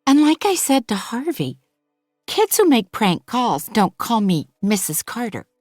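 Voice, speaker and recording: Audiobook figure: anxious young mother, plaintive and fretful, read by a woman pitched up. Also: very animated, unhurried, a little mellow, no room sound, clean studio sound, faint music behind. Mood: indignant.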